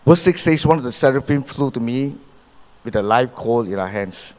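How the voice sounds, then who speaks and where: A middle-aged Malaysian pastor giving a sermon in a church, with animated preaching and frequent rhetorical questions. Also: male voice, mid-range voice, moderate pace. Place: church hall. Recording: long church hall reverb.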